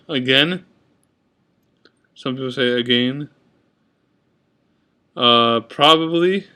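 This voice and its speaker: Young-sounding guy, clear resonant voice, relaxed webcam vlog chatter, offhand and chatty. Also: medium pitch, unhurried, long pauses. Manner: reads word list, comments offhand. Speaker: vlogger. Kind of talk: casual accent tag video. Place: indoors at a computer. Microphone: webcam at computer.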